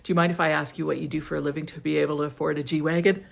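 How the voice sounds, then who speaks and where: Brief: woman impersonating a male street interviewer, very fast, eager, questions rattled off, a touch of grit. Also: low voice, flat delivery, gravelly, full character voice.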